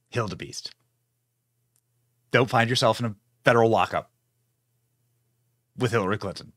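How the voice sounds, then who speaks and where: A man's voice: on the low side, pushed and bright, no echo, studio quality. A man hosting a political podcast, delivering mocking, theatrical commentary. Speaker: podcast host.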